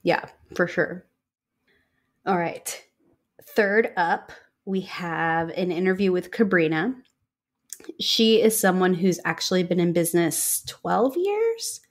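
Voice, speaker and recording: Woman, podcast co-host, slightly low pitch, easygoing casual delivery. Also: expressive, slow.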